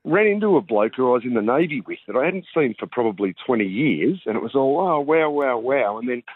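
A man calls in and spins a story with relish, his voice swooping up and down. It comes through a muffled phone line with a slightly husky edge. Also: mid-range voice, lively intonation, fast, dry recording. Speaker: caller.

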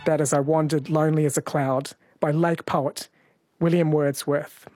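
A radio host presenting music speaks in a fairly high, slightly mellow voice with little pitch movement and a moderate pace. His scripted show has him explaining poetry and introducing songs in a lightly playful, explanatory manner over soft background music.

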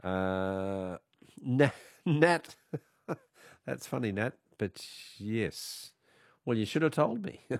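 Man, Australian accent, radio quiz host, jokey and chuckling, slight cold, animated pitch, dry sound. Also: drawn-out words, creaky, dry recording. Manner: jokey, chuckling, teasing callers. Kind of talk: casual talkback radio chat.

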